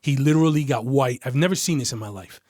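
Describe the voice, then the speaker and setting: A man, a retired detective as a podcast guest, telling a story in a casual, profane, animated way. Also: mid-range voice, quick pace, no room sound, studio quality. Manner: profane, animated, acts out quoted voices.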